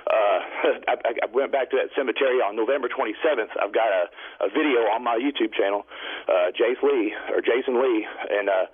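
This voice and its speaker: A man phoning into a radio talk show, telling a long story in a rambling, halting way full of fillers. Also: medium pitch, slightly rough. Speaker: caller. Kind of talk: call-in storytelling. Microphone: telephone. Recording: tinny phone line.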